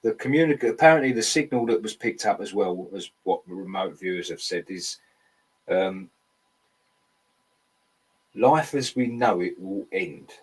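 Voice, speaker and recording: A man with an Essex accent, calmly explaining things in a casual talk. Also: on the low side, moderate pace, long pauses, slightly rough, low-quality recording. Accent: Essex English. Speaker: podcast co-host. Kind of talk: casual conversation.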